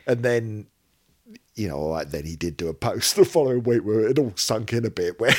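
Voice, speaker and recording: A man chatting on a podcast, his voice low but bouncing through a wide range. He rambles and jokes. He restarts his sentences as he goes. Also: sing-song, brisk. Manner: rambling, self-interrupting, jokey. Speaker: podcast co-host. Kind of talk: casual chat.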